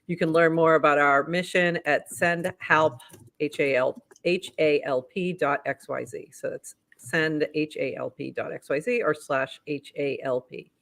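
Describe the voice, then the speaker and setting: A man with a Boston accent co-hosting a live show, briskly reading posts aloud and commenting on them. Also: fairly high pitch, steady tone, gravelly, a bit bright. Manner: brisk, upbeat, reads posts then comments. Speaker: co-host.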